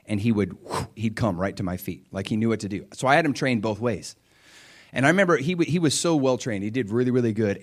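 A middle-aged man preaching a sermon as pastor, animated and laughing often, speaking directly to his congregation. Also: mid-range voice.

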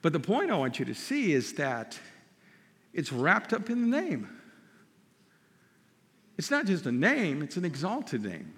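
A man preaching a sermon as pastor, emphatic, stretching key words slowly and dropping to a near hush for stress. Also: on the high side, huge pitch swings, in a large hall.

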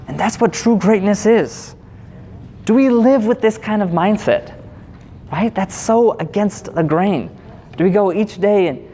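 A man in his thirties delivers a sermon in a casual, animated, conversational way, his voice sitting somewhat high for a man. The sound carries a long reverb from a church hall, with a faint hiss of noise behind it. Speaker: pastor. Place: church sanctuary.

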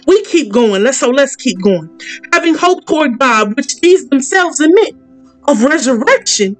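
A woman host leading a Bible study in an excitable, preacherly way, reading scripture and calling out to her listeners. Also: high-pitched, moderate pace, soft background music, poor audio. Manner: excitable, preacherly call-and-response.

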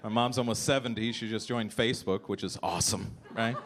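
A man in his thirties performing a stand-up comedy set, animated and jumping into shouted voices for jokes. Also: on the low side, fairly quick. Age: 30s. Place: comedy club stage.

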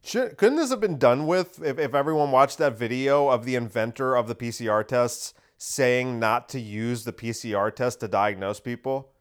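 Podcast host, male, mid-pitched, smooth and resonant, sarcastic ranting monologue. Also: moderate pace, hardly any pauses. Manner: sarcastic, ranting, rhetorical questions. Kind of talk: opinionated monologue.

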